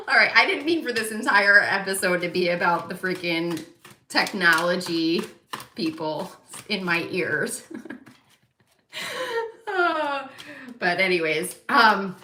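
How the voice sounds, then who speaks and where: A woman from New Jersey with a Jersey accent, hosting a casual monologue to her viewers, animated, laughing often and swearing loudly. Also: medium pitch, takes it slowly, pauses often, roomy sound, slight background noise. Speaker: psychic channel host.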